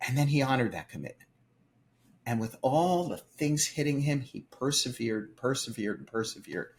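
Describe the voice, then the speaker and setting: A man's voice: mid-range voice, lively intonation, moderate pace. An older man telling a story from his own life with emphatic energy, acting out the voices of the people he quotes. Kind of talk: animated storytelling. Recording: faint music behind.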